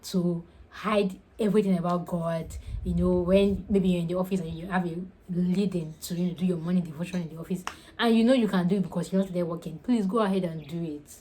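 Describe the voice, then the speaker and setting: A woman's voice: fairly low pitch, fairly even intonation, a little fast, few pauses, warm tone, low-quality recording. A young Nigerian woman giving casual, earnest advice in a vlog, repeating her points for emphasis. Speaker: faith and lifestyle vlogger.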